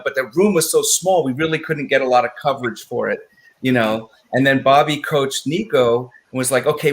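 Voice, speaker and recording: A man at a middle pitch tells behind-the-scenes stories in a loose, chatty way. He slips into voices to act out the lines he quotes. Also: fairly bright tone. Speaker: writer of the film. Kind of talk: casual storytelling in a live panel.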